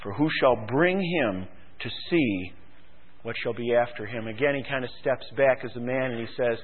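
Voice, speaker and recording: A man preaching a sermon, swinging from quiet musing to loud, fervent exhortation and firing rhetorical questions at the congregation. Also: medium pitch, moderate pace, slightly rough. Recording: tinny phone-like radio broadcast.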